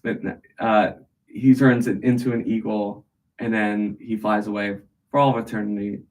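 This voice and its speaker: A man's voice: on the low side, flat delivery, normal speed, darkish tone, low-quality recording. A tired man hosting a livestream, rambling through jokes with many restarts. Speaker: livestream host. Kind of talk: casual joke telling.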